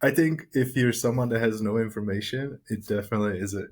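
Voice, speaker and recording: Man, lowish voice, matter-of-fact podcast guest with plenty of fillers. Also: quick pace, a little hiss or hum. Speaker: podcast guest, new triathlete. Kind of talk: casual podcast chat.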